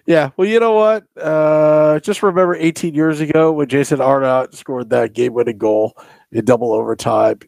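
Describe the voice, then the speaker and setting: A man's voice: on the high side, fairly even intonation, moderate pace, gravelly, darkish tone, no echo. A man hosting his own casual sports podcast, playful and giggling at the trolls. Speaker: podcast host. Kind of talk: casual chat, live podcast.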